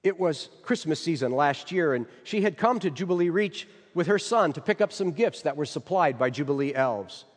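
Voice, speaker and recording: Man, chaplain, devotional sermon, slow and earnest, slightly high voice, long hall reverb. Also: lively intonation.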